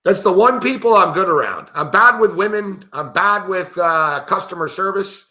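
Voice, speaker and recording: A man's voice: high-pitched, lively intonation, normal speed, sharp tone. Brash, profane male betting show host. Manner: brash, profane, laughing storyteller. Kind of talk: casual storytelling chat.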